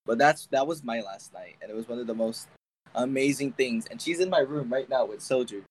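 A man's voice: mid-range voice, a little fast, rough recording. A young man co-hosting a podcast, chatting casually and acting out the people in his story. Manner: animated storyteller, acts out quoted voices. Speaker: podcast co-host. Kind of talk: casual chat.

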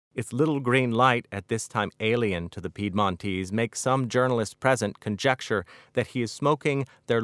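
Smooth, low-voiced man reading his novel. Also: a bit bright, dry recording, clean studio sound. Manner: measured, wry literary narration. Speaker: author.

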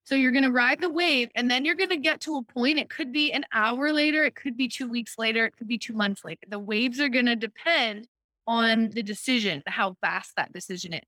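Bright-voiced woman explaining with animated asides. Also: a little high, fairly quick, dry recording. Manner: lively, acts out quoted inner voices, frequent "right?". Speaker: host explaining a personal decision-making method. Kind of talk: casual explanatory chat.

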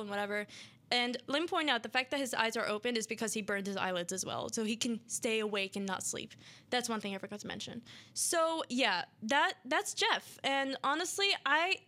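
A nervous woman hosts a radio show, retelling a creepy internet story in a loose, rambling way. Her voice is bright and slightly high, and she stumbles through fillers and restarts. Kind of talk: casual storytelling.

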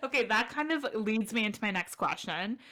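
A woman's voice: on the high side, animated, fairly quick, fairly bright tone. A woman hosting a casual podcast chat, asking questions and responding encouragingly.

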